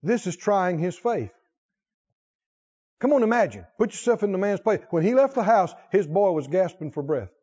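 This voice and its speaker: A man preaching a sermon in call-and-response style, repeating lines and swinging from hushed to loud. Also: sits high, big pitch swings, normal speed, husky. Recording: dull lo-fi recording.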